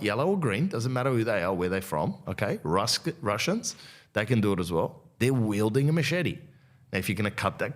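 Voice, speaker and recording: A man, a comedian and podcast host delivering a rambling, profane rant. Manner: rambling, profane and provocative, with lively pitch swings.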